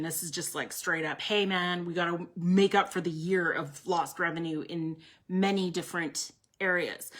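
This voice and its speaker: During a live tarot session, a woman talks bluntly and forcefully, cursing freely and addressing viewers by name. Her voice is lowish and a bit bright, with a breathy edge.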